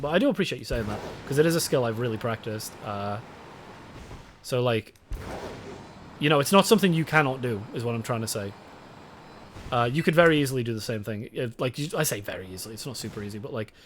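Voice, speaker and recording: A man's voice: medium pitch, a bit bright, a little hiss or hum. A young British man streaming a game, chatting casually with his chat, swearing and rambling. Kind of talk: casual live-stream chat while gaming.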